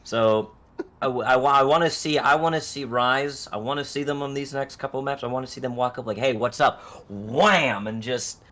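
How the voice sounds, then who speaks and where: A man's voice: medium pitch, fairly quick, fairly bright tone. A man doing casual color commentary on an esports match, chatty, full of uh fillers, acting out what players might say. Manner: chatty, many uh fillers, acts out players' lines. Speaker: esports co-caster.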